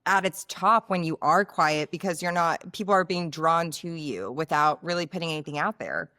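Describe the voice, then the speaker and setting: Woman podcast co-host, low-pitched, gushing and playful chat. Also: moderate pace, bright, forceful tone. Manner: gushing, playful, lots of fillers. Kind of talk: casual chat.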